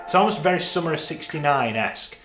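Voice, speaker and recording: This Northern English guitar teacher has a slightly high voice with lively intonation and talks fast. He explains each part while playing and counts beats out loud, recorded in a roomy space.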